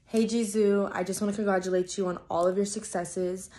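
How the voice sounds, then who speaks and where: A young woman recording a sincere, soft-spoken message to her closest friend. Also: medium pitch, flat delivery, brisk. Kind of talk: heartfelt video message.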